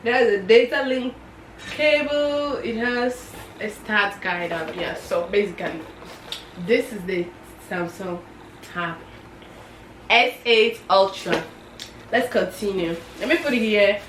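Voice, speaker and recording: A chatty, excitable woman unboxing on camera from her bed, her voice at a middle pitch. She sits back from the mic in a roomy-sounding space, with a faint hum of ambience behind her. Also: slow pace, long pauses, recorded from a distance. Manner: chatty, excitable, squeals with delight. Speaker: vlogger. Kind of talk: casual unboxing vlog. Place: her bedroom.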